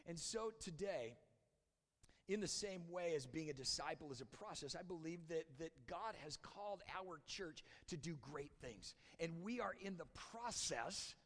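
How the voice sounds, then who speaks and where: A man preaching from the pulpit of a church sanctuary, his voice a touch high with a gravelly edge. He talks to the congregation in a relaxed, conversational way, then sinks into hushed intensity. His words ring out with the long reverb of a large hall. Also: a little slow. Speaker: pastor. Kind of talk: sermon.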